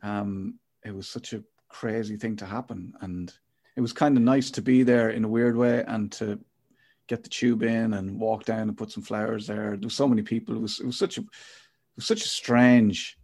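A man's voice: on the low side, fairly even intonation, normal speed, darkish tone. A middle-aged man hosting a casual chat podcast, telling a reflective, rambling story. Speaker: podcast host.

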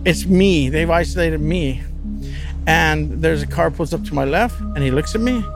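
A man's voice: on the high side, moderate pace, over music. A man as an interview guest, telling a story casually with a vivid, profane manner.

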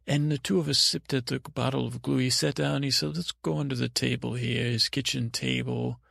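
Gravelly guy mumbling through a sleepy bedtime story, keeps losing his thread, dry close sound. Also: mid-range voice, steady tone, a bit bright, no echo. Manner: meandering and halting, full of restarts and fillers. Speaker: podcast host telling bedtime stories.

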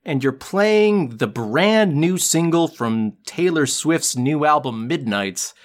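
A man hosting a podcast in casual chat, jokey and quick when he explains something. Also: on the high side, animated. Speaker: podcast host.

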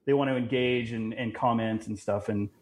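A young man and father, a podcast guest, talking casually in halting sentences. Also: mid-range voice, steady tone. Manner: halting, full of fillers and restarts.

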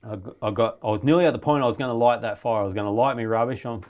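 A man's voice: medium pitch, racing. A man telling a survival story in casual, rambling, heavily profane talk. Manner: profane, rambling, animated retelling.

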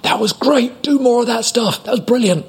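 A man putting on a high, exasperated voice as a female restaurant manager who scolds him. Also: moderate pace, husky, heavily acted. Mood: delighted. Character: irate female restaurant manager, shrill and indignant.

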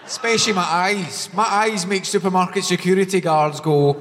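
A man's voice: high-pitched, steady tone, moderate pace, few pauses, fairly bright tone. A man from Scotland with a Glaswegian accent performing a stand-up routine, with dry, wry punchlines. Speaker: stand-up comedian. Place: large concert hall with audience. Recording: live hall reverb, faint noise.

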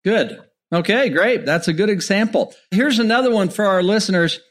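Casting: male podcast host, high pitch, friendly curious questioner. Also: expressive, normal speed. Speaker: interview host. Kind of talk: interview host.

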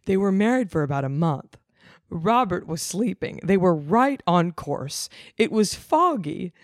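A woman's voice: fairly low pitch, sing-song, a little slow, no room sound, studio quality. A woman reading a story aloud and mocking it with sarcastic, amused comments. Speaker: reader of a story. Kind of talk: comedic read-aloud with commentary.

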